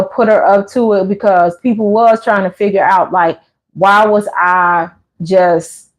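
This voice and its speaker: Chatty woman livestream host telling stories. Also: mid-range voice. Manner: chatty storytelling with lively voiced asides. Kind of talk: casual chat reading live comments.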